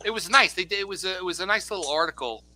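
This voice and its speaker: A male host tells stories in a casual chat, slipping into the voices of the people he quotes. His voice is slightly high and strikingly bright and forceful. He talks with lively, animated energy. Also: rapid-fire, a little hiss or hum, rough recording. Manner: animated anecdote teller, acts out quoted dialogue.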